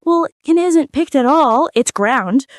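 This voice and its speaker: A woman's voice: sits high, expressive, slow, no room sound, studio quality, voice pushed up. A woman voicing an earnest, eager young girl who speaks decidedly.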